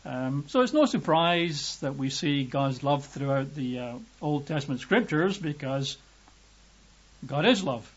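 A man from Britain preaching a lively, emphatic sermon, raising his voice to act out quotes. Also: a little slow. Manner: lively emphatic, acts out quotes with raised pitch. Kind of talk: sermon teaching. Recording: dull lo-fi recording.

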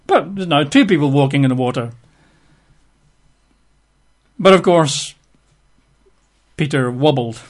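A man's voice: fairly high pitch, measured pace, pauses often. Wry, chatty male preacher. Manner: conversational, wry asides and chuckles while reading scripture. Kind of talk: sermon.

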